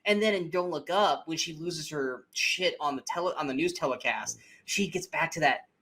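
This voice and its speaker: A man's voice: fairly high pitch, normal speed, sharp tone. A young man co-hosting a podcast, giving blunt, swear-heavy opinions about movies in casual chat. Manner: blunt, profane, emphatic opinions. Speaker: podcast co-host. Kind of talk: casual film discussion.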